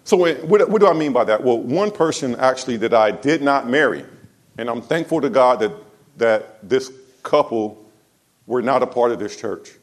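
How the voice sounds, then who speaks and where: Preaching to his congregation, a man relates a story in an animated way at a moderate pace, alternating quiet, low asides with raised, loud exclamations.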